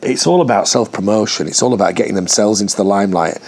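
A man's voice: on the low side, fast talker, a little mellow. A man with a Northern English accent chatting bluntly and swearing freely over a video call, mocking and laughing.

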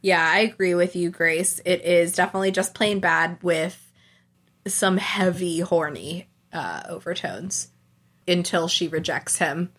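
A woman's voice: fairly low pitch, a little slow, a bit bright, breathy edge. A woman co-hosting a casual podcast chat, gushing and laughing often as she retells scenes. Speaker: podcast co-host.

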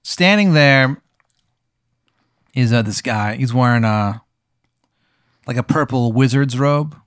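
A man's voice: medium pitch, takes it slowly, smooth, dry recording, clean studio sound. Rambling man narrating an improvised game. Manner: rambling and casual, with many "like"s and swearing. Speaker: game host. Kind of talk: improvised role-play narration.

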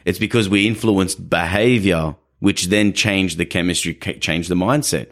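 A man's voice: sits low, normal speed. A young adult man hosting a podcast, explaining dog behavior in a casual, explanatory way and acting out quoted people. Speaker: podcast host, dog trainer.

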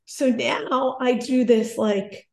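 A woman in her forties telling a personal story in casual conversation, animated and self-deprecating. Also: a little high, slow, vocal fry, roomy sound.

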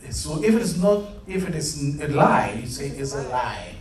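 A man's voice: fairly high pitch, sing-song, normal speed, darkish tone. Earnest male preacher, echoey room. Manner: earnest, quizzes listeners, repeats "beloved". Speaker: Bible study leader. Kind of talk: interactive sermon to a youth group. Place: room set up with chairs. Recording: echoey room, mic far off, faint hum.

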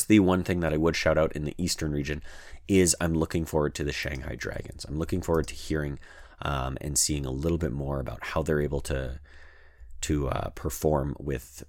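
A man's voice: rumbling low, darkish tone, dry recording, studio quality. A man hosting a solo gaming podcast, talking casually and rambling, with many fillers and restarts. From Canada. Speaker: podcast host.

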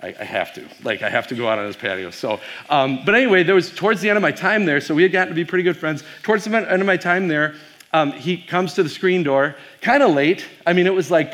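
A man's voice: a little high, fairly bright tone. A man, a pastor, giving a casual keynote talk to a youth audience, telling stories with fillers and quizzing the crowd.

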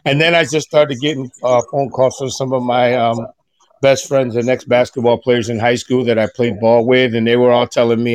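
A middle-aged man appears as a guest on a podcast, chatting casually and emotionally while often stumbling, using fillers and restarting his sentences. His mid-range voice has a flat delivery, with no room sound.

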